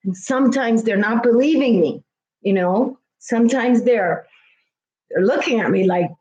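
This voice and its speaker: A woman's voice: a little high, measured pace, warm tone, echoey room, muffled recording. A woman schoolteacher chatting earnestly with her viewers, heartfelt and repeating herself for emphasis. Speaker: schoolteacher and vlogger. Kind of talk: casual livestream chat with viewers.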